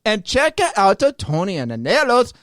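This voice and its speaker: A man reading an ad in an exaggerated put-on Italian accent, halting with many fillers. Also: sits high, wildly swooping pitch, a bit bright, dry recording, studio quality, voice pushed up, exaggerated voice. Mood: hammy. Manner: hesitant, many "uh" fillers, hand-gesturing. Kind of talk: comic ad read.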